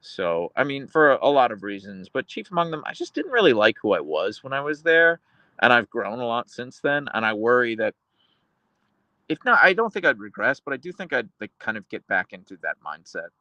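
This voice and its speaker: Crisp-spoken American man streaming. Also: medium pitch, very animated, fairly quick, pushed and bright, no room sound, rough recording. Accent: American, crisply enunciated. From Pittsburgh, Pennsylvania. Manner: enunciates consonants sharply, rambling asides. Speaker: livestream host reading chat. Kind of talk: casual livestream chat.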